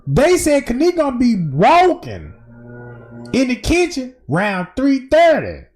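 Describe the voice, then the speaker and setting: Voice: sits high, a little slow. A streamer giving casual, emphatic and profane commentary over video footage. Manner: animated, emphatic, slangy and profane.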